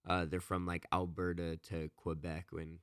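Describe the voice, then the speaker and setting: A man with a very low voice chats loosely on a podcast, circling back with "you know" and "like" as he retells a story. The sound is close and dry, with no room around it. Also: level tone, normal speed, a bit bright, clean tone, no echo. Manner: rambling, many fillers and restarts. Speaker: podcast co-host. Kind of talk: casual chat retelling a book.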